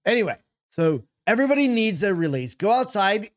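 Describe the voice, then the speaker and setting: A middle-aged man co-hosting a podcast, telling stories in a profane, animated way in casual chat. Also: high-pitched, brisk, dry recording, clean studio sound. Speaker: podcast co-host.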